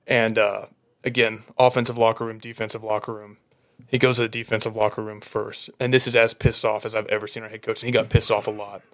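Guy chatting casually, animated storyteller, laughs a lot. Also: mid-range voice, brisk. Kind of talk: casual chat.

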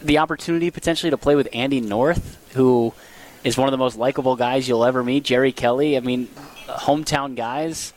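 Male radio co-host, mid-pitched, eager, conversational. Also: fairly quick. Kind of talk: casual sports radio chat.

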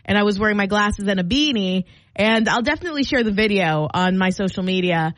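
A woman's voice: mid-range voice, a little fast, no room sound. A young woman co-hosting a morning radio show, telling stories theatrically with giggles and playful banter. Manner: animated storyteller, giggly, theatrical. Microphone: studio microphone.

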